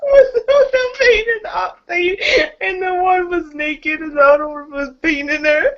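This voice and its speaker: A woman's voice: very high voice, measured pace, highs cut off. A young woman chatting casually with a friend, giggly and rambling. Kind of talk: casual chat.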